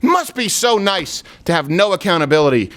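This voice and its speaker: A man hosting a political commentary show, talking in a sarcastic, animated way, with loud high bursts and low asides. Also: moderate pace. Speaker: host.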